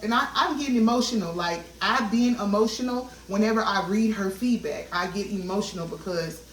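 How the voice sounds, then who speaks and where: A woman's voice: mid-range voice, slight background noise. Heartfelt woman vlogging in an echoey kitchen. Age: 30s. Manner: heartfelt, testifying, addresses viewers as y'all. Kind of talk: casual talk while cooking. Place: home kitchen. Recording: echoey kitchen, mic at a distance, cooking sizzle. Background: frying and sizzling food.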